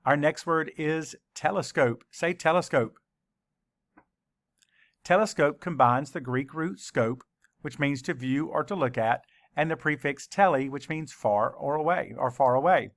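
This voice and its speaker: A man's voice: fairly high pitch, no echo. A man teaching a spelling lesson to children, sounding out words and spelling them letter by letter. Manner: slow, deliberate letter-by-letter spelling.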